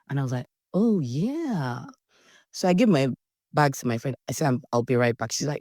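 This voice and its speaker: Animated Nigerian woman telling stories. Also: very deep voice, fairly quick, no echo, clean studio sound. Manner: animated storyteller, acts out quotes, Nigerian slang. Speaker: podcast guest. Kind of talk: storytelling in casual interview.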